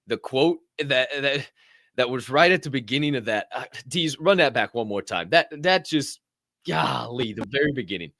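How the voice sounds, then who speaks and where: A man's voice: mid-range voice, animated, normal speed, pushed and bright, no echo, studio quality. A man hosting a podcast, delivering a fiery, profane motivational monologue in reaction to a clip. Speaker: podcast host.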